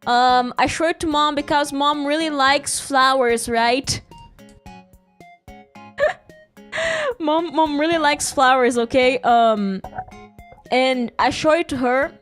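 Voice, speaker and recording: A woman's voice: high voice, expressive, slow pace, long pauses, a bit bright, faint music behind. A woman streamer chatting casually, giggling often as she tells a rambling story with false starts.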